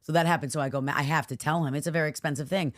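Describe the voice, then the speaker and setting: A woman co-hosting a casual podcast chat, telling a story and acting out the people in it with lively voices. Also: sits low, racing, no room sound, studio quality. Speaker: podcast co-host. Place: studio.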